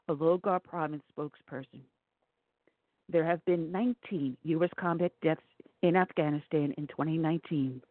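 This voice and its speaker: A talk radio host reads news articles aloud on air in a steady delivery and sometimes stumbles over names. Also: medium pitch, dry recording. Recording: tinny phone-like, dry sound.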